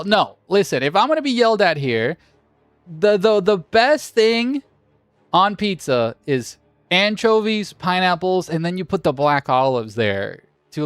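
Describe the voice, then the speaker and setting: A man's voice: sits high, fairly bright tone, no echo, clean studio sound. A man hosting a game tournament on a livestream, chatting casually and joking with viewers, swearing now and then.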